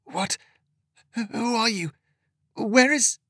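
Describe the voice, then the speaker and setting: A man voicing a frightened, devout young village woman with a thin, raspy voice, pleading in a panic. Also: extremely high pitch, extremely slow, fairly bright tone, no echo, studio quality, voice pushed up, heavily acted. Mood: confused. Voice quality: thin rasp.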